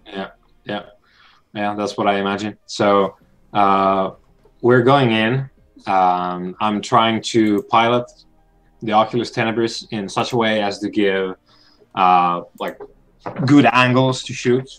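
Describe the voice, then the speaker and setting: Slow, hesitant man playing a tabletop game. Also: lowish voice, a bit bright. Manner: unhurried, hesitant, many fillers. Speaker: player. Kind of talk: casual tabletop play.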